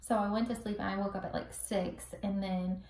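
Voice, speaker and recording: A young woman casually telling a personal story to the camera, chatty and animated, acting out what people said. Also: mid-range voice, brisk, a little hiss or hum. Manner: chatty, animated, acts out quotes with laughs. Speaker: vlogger telling her birth story. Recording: roomy echo, recorded from a distance.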